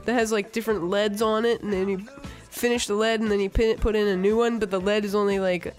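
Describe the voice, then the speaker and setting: A woman's voice: medium pitch, steady tone, fast talker, darkish tone, soft background music. A woman co-hosting a casual chat, rambling with lots of fillers.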